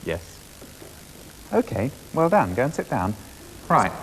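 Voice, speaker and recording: This is a 1980s schools TV classroom music lesson with long hall reverb and faint hiss. The presenter, a man of medium pitch who is very animated and whose voice swings a lot, leads a primary class of young children through percussion games with brisk, encouraging questions.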